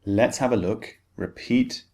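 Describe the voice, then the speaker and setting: A man's voice: medium pitch, warm tone. A man teaching pronunciation, speaking carefully and enunciating each word for learners to repeat. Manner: slow, careful, clearly enunciated drills. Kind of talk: pronunciation lesson.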